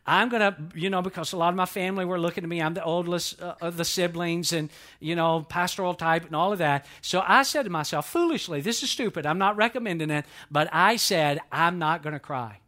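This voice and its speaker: A man's voice: high-pitched, fairly quick, pushed and bright. A middle-aged male pastor preaching a sermon in an earnest, conversational way, with repetitions and restarts.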